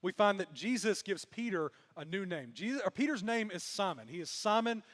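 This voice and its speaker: A man with a high-pitched, fairly bright voice preaches a sermon as pastor, speaking briskly and with great animation as he tells the story and acts out what the characters say. He's in a church hall, and the recording carries that space's long reverb.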